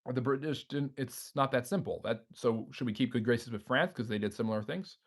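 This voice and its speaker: A man's voice: medium pitch, brisk. A man hosting a history live stream, reading viewers' chat messages aloud and answering them off the cuff with frequent fillers. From United States.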